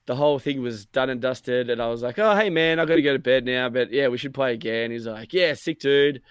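A man's voice: mid-range voice, quick pace, clean tone, no echo, clean studio sound. A young man co-hosting a gaming podcast, telling a story in casual chat, swearing freely and acting out both sides of the conversation. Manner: animated, swears a lot, acts out quotes. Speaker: podcast co-host.

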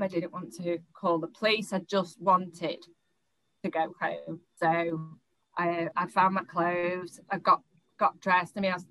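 A woman's voice: lowish voice, a bit bright, poor audio. A young woman, recounting a personal experience in an interview, often stopping, restarting and repeating words.

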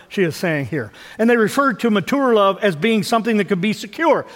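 A man in his fifties, a pastor preaching a sermon in a conversational way, dropping to low asides and rising for emphasis. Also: animated, brisk, few pauses, fairly bright tone. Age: 50s. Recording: long hall reverb.

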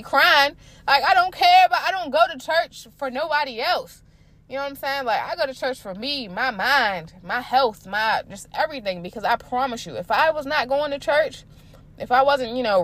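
A young woman tells a personal story on her solo podcast. She talks in a loose, chatty, animated way, full of slang and asides, and her voice sits a little on the high side. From Maryland, USA. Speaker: podcast host. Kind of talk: casual solo podcast talk.

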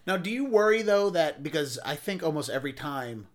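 Lively, higher-voiced podcast host. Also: male voice, brisk. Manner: laughs along often, asks questions and hedges his opinions. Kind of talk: casual interview chat.

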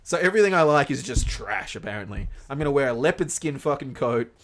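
A man's voice: medium pitch, lively intonation, fast, a bit bright, a little hiss or hum. A man co-hosting a casual podcast, swearing constantly and spinning off into comic rants. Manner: profane, ranting comic tangents. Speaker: podcast co-host.

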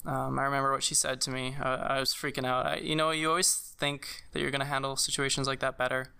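A young man telling a personal story in casual conversation, halting, with many fillers and restarts. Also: mid-range voice, level tone, gravelly, pushed and bright, clean tone. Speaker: guest sharing a personal story.

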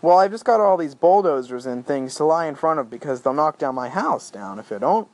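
A man's voice: on the high side, big pitch swings, normal speed, fairly bright tone, breathy edge, no room sound, full character voice. A man reading aloud and voicing a flustered, put-upon young man who speaks with exasperated sarcasm. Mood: sarcastic.

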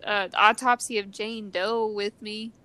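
Bright-voiced woman podcast co-host. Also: mid-range voice, flat delivery, clean tone. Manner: playful, laughs often, quick asides. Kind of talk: casual chat.

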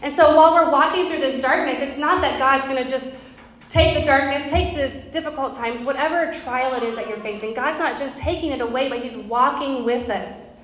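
A woman in her thirties preaches to her church in an earnest, conversational way, her voice sitting a little high. Her words ring out through a very reverberant hall, with a faint hiss of background noise underneath. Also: a little fast, a bit bright. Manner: earnest, conversational, with personal storytelling. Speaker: pastor. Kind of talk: sermon. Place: church sanctuary.

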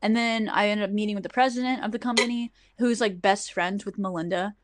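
On her podcast, a young woman spins a casual, swear-filled story packed with "like." She speaks briskly at a medium pitch, her intonation staying fairly even.

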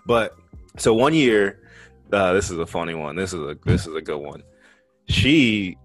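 A blunt man swaps stories on a casual podcast, swearing freely and laughing as he goes. His voice sits a little low. Faint music hums in the background. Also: lively intonation, moderate pace. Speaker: podcast co-host. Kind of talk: casual storytelling chat.

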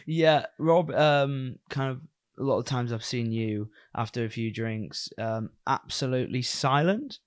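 A man's voice: mid-range voice, measured pace, hardly any pauses. A man from England hosting a podcast, talking in a chatty, loose, rambling way and swearing freely. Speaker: podcast host. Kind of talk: casual chat.

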